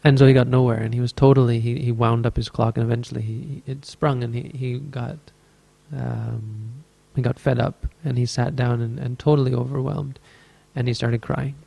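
A man's voice: medium pitch, flat delivery, normal speed, creaky, dark tone, no room sound. A man teaching as a Buddhist meditation teacher, telling a story in a dharma talk with an easygoing, rambling manner and frequent self-corrections.

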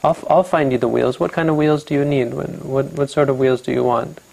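A man's voice: mid-range voice, fairly even intonation, fairly quick, vocal fry, darkish tone, rough recording. A man voicing a grieving, guilt-stricken miser father who eagerly offers help in a told story.

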